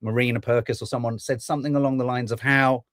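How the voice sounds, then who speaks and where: A man's voice: medium pitch, steady tone, quick pace, no room sound, clean studio sound. A man hosting a podcast, ranting through political commentary with plenty of swearing. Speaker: podcast host.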